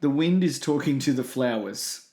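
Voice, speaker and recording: Comic co-host, animated pitch, echoey room, deadpan jokes. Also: male voice, moderate pace. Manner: jokey, deadpan asides. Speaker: podcast co-host. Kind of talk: comedic banter.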